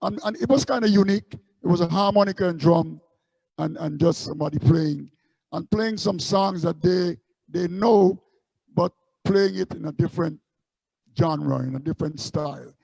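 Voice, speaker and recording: Gravelly man telling stories. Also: fairly high pitch, normal speed, a little mellow, no room sound, muffled recording. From Guyana. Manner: anecdotal, many fillers and repeats. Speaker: guest musician. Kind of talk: interview storytelling.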